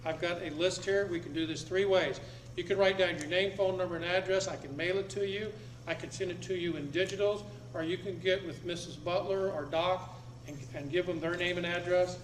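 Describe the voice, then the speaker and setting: Middle-aged male speaker, blunt and insistent, higher-pitched voice, echoey meeting room with faint noise. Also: a bit bright. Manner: blunt, emphatic, repeats phrases for effect. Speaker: speaker addressing an audience. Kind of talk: public talk to a live audience. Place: meeting room with seated audience.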